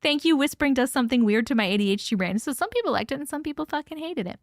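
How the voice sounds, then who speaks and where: Bubbly high-voiced woman live-stream host. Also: lively intonation, racing, no room sound, clean studio sound. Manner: bubbly, laughing, talks to chat by name. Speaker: livestream host reading viewer stories. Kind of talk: casual live-stream chat.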